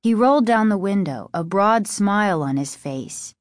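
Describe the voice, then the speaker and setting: A woman's voice: medium pitch, normal speed, dry recording, clean studio sound. Woman narrating a storybook. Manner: steady, even storytelling. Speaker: audiobook narrator. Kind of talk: scripted narration.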